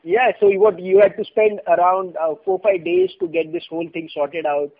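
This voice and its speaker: A man's voice: high voice, huge pitch swings, normal speed, vocal fry. A man with an Indian English accent hosting a casual discussion, explaining with frequent hesitations. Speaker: host. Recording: tinny phone-like sound.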